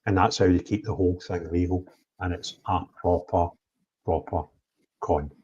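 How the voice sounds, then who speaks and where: Husky blunt man, lo-fi stream. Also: steady tone, moderate pace. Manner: blunt, swings between loud outbursts and low mutters. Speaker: streamer telling of his travels. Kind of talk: animated livestream chat. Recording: dull lo-fi stream audio.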